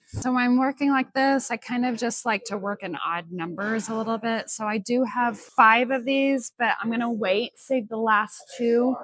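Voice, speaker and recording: A woman's voice: a little high, fairly bright tone. A middle-aged woman florist gives a friendly, chatty hands-on tutorial, explaining each step as she works. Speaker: florist demonstrating a flower arrangement. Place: indoors at home, music playing in another room.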